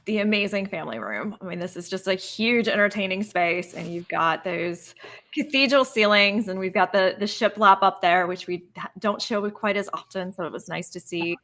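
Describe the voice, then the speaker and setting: A woman with a bright, crisp voice co-hosts a relaxed live broadcast. She talks with open enthusiasm, heaping praise in an easy conversational way. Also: mid-range voice, moderate pace. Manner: gushing, enthusiastic. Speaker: co-host. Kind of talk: casual live-stream chat.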